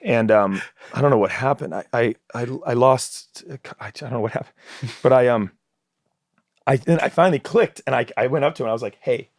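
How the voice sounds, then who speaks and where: A man in his forties, a guest actor in casual chat, telling animated stories with frequent restarts. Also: medium pitch, brisk, no room sound, clean studio sound.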